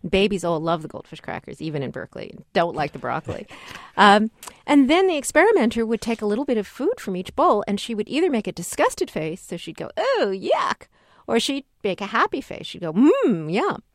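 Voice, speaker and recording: A middle-aged woman, a guest researcher on a radio call-in show, explaining with lively emphasis. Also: mid-range voice, fairly quick, no room sound, studio quality. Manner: animated explainer, acts out voices in quotes. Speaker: guest researcher on child development.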